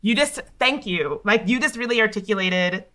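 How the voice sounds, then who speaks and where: A woman, a podcaster and guest, talking earnestly and warmly in a casual conversation. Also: mid-range voice, normal speed. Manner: earnest, heartfelt.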